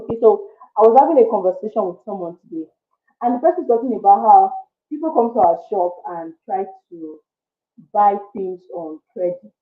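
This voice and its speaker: A woman's voice: mid-range voice, lively intonation, moderate pace. A woman giving a motivational talk, earnest and coaxing, repeating her points. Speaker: motivational speaker. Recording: echoey, tinny phone-like sound.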